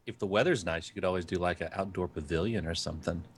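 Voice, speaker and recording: Relaxed male co-host, lowish voice, loose rambling chat. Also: fast talker, a little hiss or hum. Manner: easygoing, rambling with fillers. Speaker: podcast co-host. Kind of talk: casual chat.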